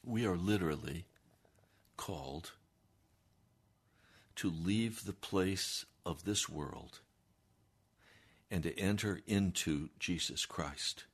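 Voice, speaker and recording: A man's voice: sits low, slow pace, long pauses, breathy edge. A male pastor preaching an earnest, emphatic sermon.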